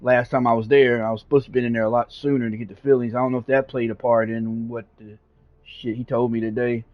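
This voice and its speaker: Over a dull, lo-fi recording, this man streams a game and rambles through a long, casual story, cursing and using lots of fillers. His voice is mid-range and flat, and he talks fast.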